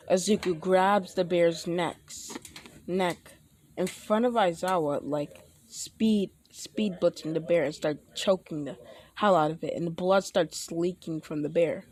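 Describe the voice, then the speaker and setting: A young man casually retelling a fan story, rambling with many halting restarts. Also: high-pitched, a little mellow.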